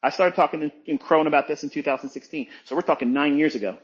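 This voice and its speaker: A man's voice: a little high, racing, slightly rough. Blunt, profane man with dull lo-fi sound. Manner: blunt, profane, emphatic, repetitive. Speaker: trading mentor. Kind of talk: profane motivational monologue.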